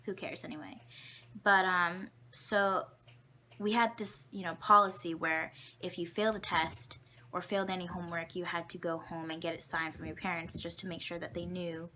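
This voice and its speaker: A woman's voice: on the low side, steady tone, moderate pace, pushed and bright, slight background noise. A young woman telling childhood stories to camera in a chatty, rambling, self-mocking way. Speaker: vlogger. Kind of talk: casual storytelling to camera.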